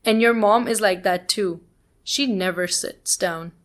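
A woman's voice: mid-range voice, unhurried, lightly acted. A woman reading the part of an elderly grandmother, stubborn and teasing. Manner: playful, stubborn.

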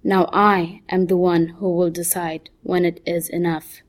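A woman voicing a stern middle-aged mother who lectures her son in a calm, firm, measured voice. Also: on the low side, lightly acted.

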